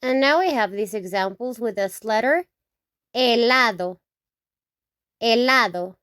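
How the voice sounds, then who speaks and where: A woman teaching the Spanish alphabet, saying each word slowly several times and checking in with "okay?". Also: a little high, animated, no echo, clean studio sound. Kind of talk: slow alphabet lesson with repetition.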